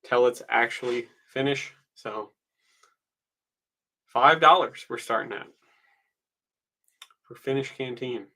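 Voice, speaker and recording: A man's voice: medium pitch, takes it slowly, pauses often, noisy background. A man auctioneering on a live stream from home, chatty and easygoing, with plenty of filler ums. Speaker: online auctioneer.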